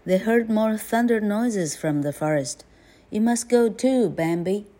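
A woman voicing a hurt young male deer who speaks quietly and with resignation while reading a storybook aloud. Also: mid-range voice, expressive, a little slow, pitched above the performer's own voice, close to an everyday voice. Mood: resigned.

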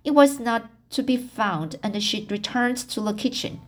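A woman narrating a classic novel as an audiobook, plain and unhurried with small slips. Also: on the high side. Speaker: audiobook reader.

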